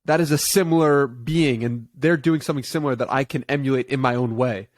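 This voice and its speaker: A man's voice: mid-range voice, fairly quick, no room sound, studio quality. A young adult man hosting a podcast, asking questions and sharing his own view in an enthusiastic, conversational way. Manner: enthusiastic, conversational, short affirming interjections. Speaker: podcast host. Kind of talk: casual interview conversation.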